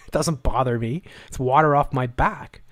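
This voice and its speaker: A man's voice: mid-range voice, fairly bright tone, dry recording. A man hosting a live stream, ranting in angry, sarcastic, repetitive bursts of commentary. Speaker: livestream host.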